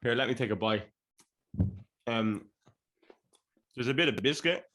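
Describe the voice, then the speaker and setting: A man's voice: medium pitch, lively intonation, measured pace, fairly bright tone. A man with an Irish accent co-hosting a podcast, chatting casually and telling rambling, jokey stories. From Ireland. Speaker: podcast co-host.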